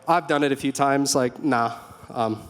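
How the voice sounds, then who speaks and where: A man's voice: mid-range voice, a little slow. A young man preaching a sermon in a church hall, earnest and conversational, with storytelling asides. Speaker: pastor.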